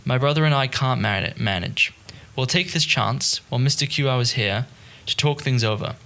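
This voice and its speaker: A man's voice: medium pitch, moderate pace, sharp tone. A man voicing a stubborn, preachy uncle in an audiobook, lecturing and scolding as he talks. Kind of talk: audiobook character reading.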